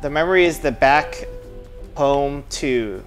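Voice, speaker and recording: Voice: medium pitch, takes it slowly. A game streamer giving casual let's-play commentary, chatting and muttering asides to themself and the viewers. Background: game music.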